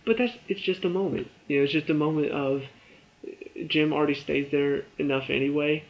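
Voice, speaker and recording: A young man reviewing a TV episode in a casual, rambling way, full of fillers and quick asides. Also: fairly high pitch, gravelly, dull audio.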